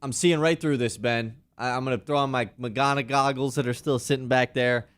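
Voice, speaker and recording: A man co-hosting a sports radio show, talking in animated, sarcastic banter and mocking with put-on quotes. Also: medium pitch, a little fast, clear, resonant tone.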